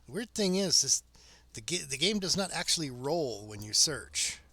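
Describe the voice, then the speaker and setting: A man streaming a fantasy online game, giving relaxed, casual commentary with dry asides and chuckles. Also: fairly high pitch, moderate pace, no room sound.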